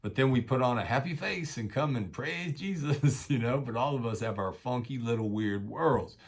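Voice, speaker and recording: A man preaching a sermon in a casual, conversational way, full of slang, swinging between loud urging and quiet intensity. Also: medium pitch, moderate pace. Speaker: pastor.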